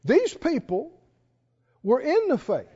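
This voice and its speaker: A man preaching a sermon, folksy and emphatic, drawing out scripture quotes slowly and asking his listeners questions. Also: extremely high pitch, huge pitch swings, warm tone, breathy edge. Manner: folksy, asks the audience questions. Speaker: pastor. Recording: dull lo-fi recording in a reverberant hall.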